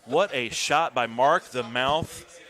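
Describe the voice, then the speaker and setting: A man doing casual live commentary on a golf video game tournament, swearing and breaking into shouts. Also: medium pitch, slow. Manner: excitable, swears, bursts into shouts.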